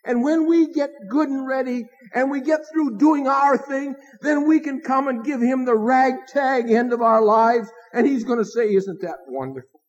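A man preaching an evening sermon as pastor, earnest, with rising emphasis and dramatic pauses. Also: very high-pitched, fairly even intonation, highs cut off.

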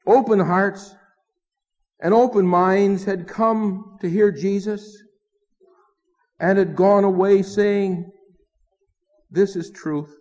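A man's voice: high-pitched, fairly even intonation, takes it slowly, long pauses, a little mellow. A man preaching a sermon in an earnest, emphatic way, asking his listeners rhetorical questions. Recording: dull lo-fi sound with long hall reverb.

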